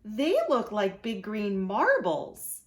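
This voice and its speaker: A woman's voice: mid-range voice, big pitch swings, slow, reverberant, pitched above the performer's own voice. A woman voicing a polite, wide-eyed young girl in a red hood for a storybook reading. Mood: wondering.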